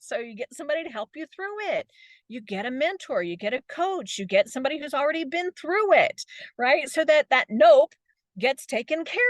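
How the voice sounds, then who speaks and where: Woman, middle-aged, motivational coach, chatty, laughs often, higher voice, dry. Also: no room sound. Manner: chatty, laughs often, keeps asking "right?". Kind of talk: motivational talk.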